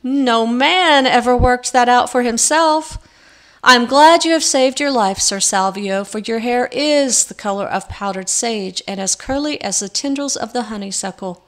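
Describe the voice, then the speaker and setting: Woman voicing a forbidding queen, high and commanding, in a storybook reading. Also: unhurried, close to an everyday voice. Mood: imperious. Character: haughty queen, forbidding and excitable.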